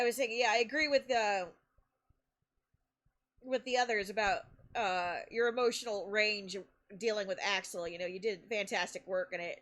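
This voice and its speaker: Bright-voiced chatty woman streamer. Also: medium pitch. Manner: animated, laughs often between phrases; chatty, with many restarts and fillers. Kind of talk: casual live-stream storytelling.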